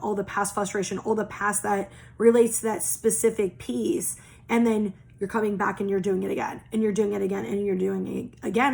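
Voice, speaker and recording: With a medium-pitched voice and noticeable vocal fry, a young tarot and oracle reader delivers a casual spiritual oracle reading. Her tone is earnest and reassuring, she strings repeated phrases into long lists, and she swears offhandedly.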